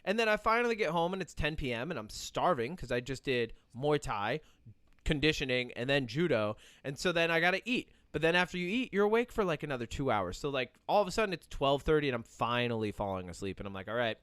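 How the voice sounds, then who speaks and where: A man's voice: a little high, fast talker, clear, resonant tone, no echo, clean studio sound. A young man hosting a podcast, chatting casually and telling rambling stories with lots of laughter. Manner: rambling, animated storyteller who laughs often. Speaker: podcast host. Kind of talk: casual chat.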